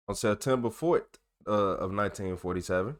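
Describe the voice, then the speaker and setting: Style: loose reading commentary. Sex: man. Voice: low. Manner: trips over long words. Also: normal speed. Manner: stumbles over long words and corrects himself; loose, joking asides in slang. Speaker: channel host. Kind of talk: casual commentary while reading documents aloud.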